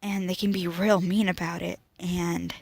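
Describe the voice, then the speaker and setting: A teenage girl speaking to camera about her own life, emotional and halting, often dropping to a whisper. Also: fairly low pitch, level tone, creaky, no room sound. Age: teens. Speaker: student vlogger. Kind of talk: personal talk to camera.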